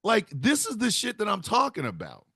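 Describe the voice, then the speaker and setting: A man hosting with an animated comedic monologue, laughing as he riffs. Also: high-pitched, normal speed, breathy edge, no echo, studio quality. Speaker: comedic host.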